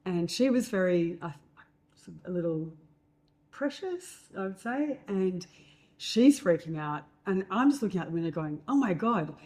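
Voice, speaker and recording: Mellow-voiced woman telling a story. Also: moderate pace. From Australia. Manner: animated storyteller, acts out quotes in a higher voice. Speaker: host. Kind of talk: casual storytelling chat.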